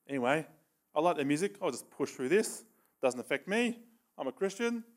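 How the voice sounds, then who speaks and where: Animated male preacher, slightly high voice. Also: moderate pace. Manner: storytelling, animated, with bursts of emphasis. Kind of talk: sermon.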